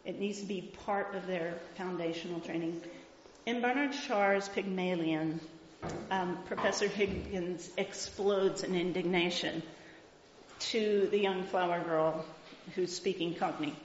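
A woman's voice: on the low side, fairly even intonation, unhurried. A middle-aged woman speaks to a live audience with enthusiasm and emphasis. Now and then she reads passages aloud. The recording is lo-fi and dull, with a long hall echo and faint noise behind her.

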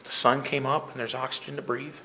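Man, teacher, inspirational talk, impassioned, emphatic, forceful bright tone. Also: medium pitch, level tone, a little fast, vocal fry, a little hiss or hum. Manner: impassioned, emphatic, swings between loud and hushed. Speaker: teacher speaking to fellow teachers. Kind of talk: earnest inspirational talk with poem recitation.

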